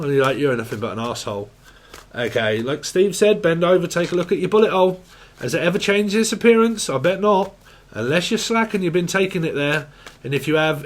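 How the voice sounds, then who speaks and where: Male tarot reader, fairly high voice, crude, joking, rambling. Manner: rambling, crude and jokey, laughs often. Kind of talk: casual tarot reading.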